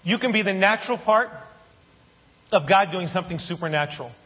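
A man preaching a sermon as a pastor, telling a story in an animated way with humorous asides. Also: high-pitched, a little fast, husky. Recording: muffled sermon audio with long hall reverb.

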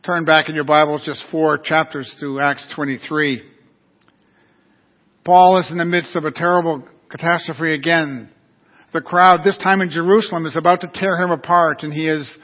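A man preaching an earnest, storytelling sermon. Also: on the high side. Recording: dull lo-fi recording.

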